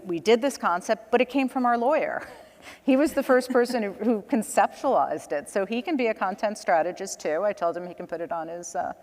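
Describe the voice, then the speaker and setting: A woman's voice: medium pitch, darkish tone, big-room sound. Chatty woman on a conference panel. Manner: chatty storyteller, laughs between points. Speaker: panel guest, communications director. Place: conference stage.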